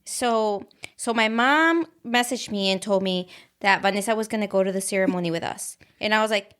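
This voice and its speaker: A woman's voice: medium pitch, moderate pace, a bit bright, clear, resonant tone. Blunt gossipy bilingual woman. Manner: gossipy, blunt, mixes Spanish and English. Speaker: podcast co-host. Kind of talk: casual storytelling chat.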